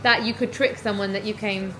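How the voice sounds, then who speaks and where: A woman's voice: medium pitch, fairly even intonation, brisk, sharp tone, faint music behind. A woman who owns an art shop, filming a children's art lesson for her vlog and chatting with the pupils in a casual, questioning way. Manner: chatty, asks lots of questions. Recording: noisy room.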